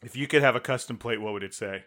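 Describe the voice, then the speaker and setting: A man co-hosting a podcast, chatting casually and acting out scenes loudly as he tells stories. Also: mid-range voice, quick pace. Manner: animated storyteller, loud when acting out scenes. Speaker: podcast co-host. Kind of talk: casual chat.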